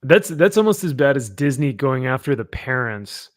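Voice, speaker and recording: A man hosting a casual comic-book chat podcast, animated and quick to laugh. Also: medium pitch, no echo, studio quality. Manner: animated, laughs often, jokey asides. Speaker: podcast host.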